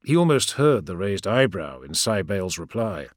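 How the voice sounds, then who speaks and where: A man narrating a story in a measured, dramatic storytelling manner. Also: sits low, very animated, no room sound, clean studio sound. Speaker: audiobook narrator. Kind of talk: scripted narration.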